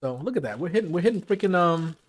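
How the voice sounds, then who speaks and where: A man's voice: sits high, quick pace. A man hosting a casual late-night livestream from home, chatting in loose slang while eating, through a streaming mic with a noise gate. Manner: relaxed slangy chat, talking while eating. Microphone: streaming mic with noise gate and filters.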